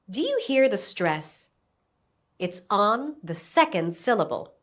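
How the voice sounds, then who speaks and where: A woman teaching an English lesson, giving slow, carefully enunciated instructions and modelling words for repetition. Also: medium pitch, sing-song, a bit bright. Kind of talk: slow, clear classroom instruction.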